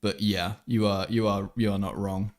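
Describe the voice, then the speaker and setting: A man's voice: on the low side, level tone, moderate pace. A man with a half English, half German background hosts a livestream, rambling casually, swearing and restarting his thoughts. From England and Germany. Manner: rambling, profane, thinks aloud with many restarts. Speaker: livestream host.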